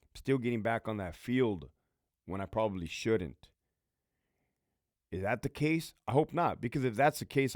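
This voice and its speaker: Blunt, profane man in his thirties, lively voice. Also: lowish voice, no room sound, studio quality. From Southern California. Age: 30s. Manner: blunt and heavily profane, animated. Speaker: podcast host and former prison lieutenant. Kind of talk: casual Q&A storytelling.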